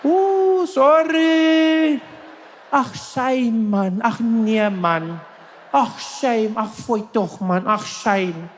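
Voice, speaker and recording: A man's voice: very high-pitched, extremely slow, slight background noise, voice pushed up, heavily acted. A man voicing South African bystanders who fuss with sympathy over someone who fell, with a South African accent. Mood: sympathetic. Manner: clucking sympathy.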